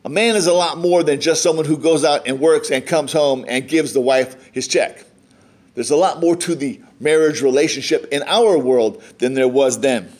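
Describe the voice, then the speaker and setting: A man's voice: fairly high pitch, normal speed, darkish tone. An American man preaching a sermon, reading scripture aloud and explaining it in a conversational way. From United States. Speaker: pastor.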